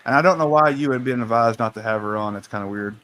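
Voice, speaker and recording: Fast-talking Oklahoma-accented man. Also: mid-range voice, fairly bright tone. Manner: teasing, fast-talking, says y'all. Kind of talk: casual panel chat.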